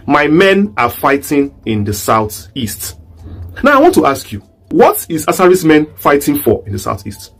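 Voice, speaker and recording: With a breathy edge to his rather high voice, a Nigerian-accented man from southeast Nigeria offers online political commentary. He talks in a monologue, repeatedly posing rhetorical questions.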